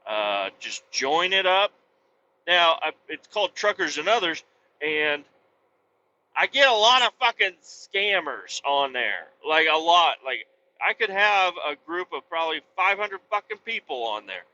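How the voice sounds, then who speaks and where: A man with a bright, forceful, slightly high voice talks casually from the cab of his truck. He rambles bluntly and swears freely. The audio is dull and lo-fi, with faint road ambience behind him. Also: big pitch swings, a little slow, a little hiss or hum. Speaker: trucker vlogger. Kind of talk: casual chat while driving.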